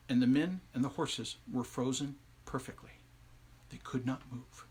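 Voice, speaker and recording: A man telling a folktale live, conversational and animated, with asides to his listeners. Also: medium pitch, normal speed, a little hiss or hum. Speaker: storyteller. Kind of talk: oral folktale telling on a livestream.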